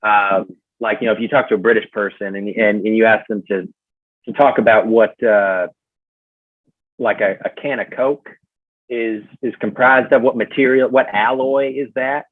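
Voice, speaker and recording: A man's voice: on the low side, steady tone, normal speed, no room sound. A man with a Southern US accent, a podcast guest talking in a rambling, casual way full of fillers and restarts. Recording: tinny phone-like line, dry.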